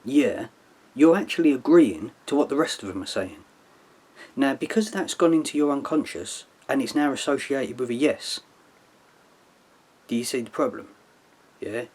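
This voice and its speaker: A man talks straight to the listener in a loose, rambling monologue, his pitch sitting in an ordinary middle range. He circles back on himself, tacking "yeah" and "like" onto his points, and keeps an earnest, lecturing tone throughout. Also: darkish tone. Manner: rambling, with frequent "yeah" and "like" tags. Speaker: video commentator. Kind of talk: casual explanatory monologue.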